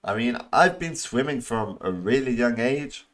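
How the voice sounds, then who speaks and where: A man's voice: mid-range voice, lively intonation, unhurried, a bit bright. A man hosting a reaction video, talking casually and addressing viewers directly. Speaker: reaction channel host.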